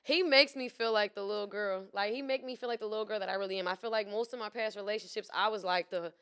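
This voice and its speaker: Frank, clear-voiced woman guest. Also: mid-range voice, quick pace. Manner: frank, expressive, swears freely, acts out quoted lines. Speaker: podcast guest. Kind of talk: candid casual chat.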